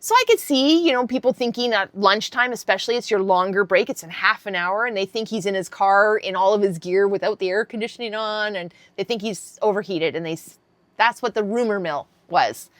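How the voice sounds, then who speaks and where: A woman's voice: medium pitch, fairly quick, dry recording. A woman in her fifties telling a story in a casual vlog, blunt and given to swearing. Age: 50s. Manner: blunt and swearing, animated retelling. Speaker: vlogger.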